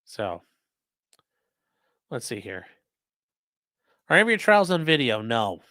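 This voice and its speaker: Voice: mid-range voice, big pitch swings, takes it slowly, sharp tone, no room sound, studio quality. A defense attorney hosting a casual livestream, reading viewer chat aloud and answering in a blunt, profane way.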